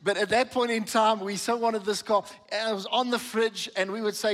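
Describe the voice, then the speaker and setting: A man's voice: sits high, fairly even intonation, normal speed, hardly any pauses, a bit bright. A middle-aged man preaching a sermon from a church stage, emphatic and calling out to the congregation. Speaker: pastor.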